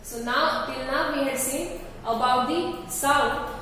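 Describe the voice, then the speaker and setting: A woman's voice: high-pitched, slow pace, pushed and bright. A woman teacher explaining a science textbook chapter, restating points over and over with frequent fillers. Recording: echoey room, distant mic, faint noise.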